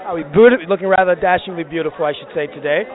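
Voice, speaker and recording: Fast-talking hyped male red-carpet interviewer. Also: on the high side. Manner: hyped, flattering, promotional. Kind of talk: event interview. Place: outdoor film festival red carpet. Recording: tinny phone-like audio with street crowd.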